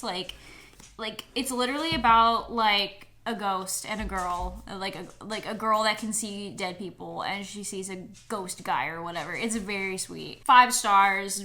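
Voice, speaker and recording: Bright-voiced young woman book vlogger. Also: mid-range voice. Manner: chatty and emotional, with lots of fillers. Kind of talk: casual reading vlog.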